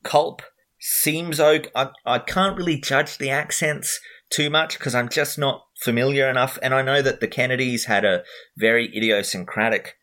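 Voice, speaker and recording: A man's voice: medium pitch, moderate pace, sharp tone. A man co-hosting a podcast, talking through a film review in a casual, conversational way with frequent restarts. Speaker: podcast co-host.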